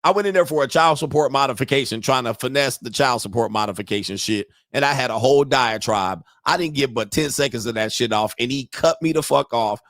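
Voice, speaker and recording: A man's voice: mid-range voice, brisk, hardly any pauses, no room sound, clean studio sound. A man hosting a casual commentary stream, telling profane stories and acting out the people he quotes. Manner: animated storytelling, profane, acts out quotes. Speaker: host.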